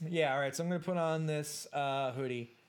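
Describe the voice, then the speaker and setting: Hurried casual co-host, trailing off. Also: mid-range voice, clear, resonant tone.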